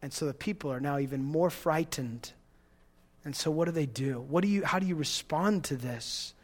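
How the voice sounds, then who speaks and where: High-voiced preacher in an echoing hall. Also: male voice, normal speed. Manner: conversational, storytelling, with laughs and repeated words. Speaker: pastor. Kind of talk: sermon.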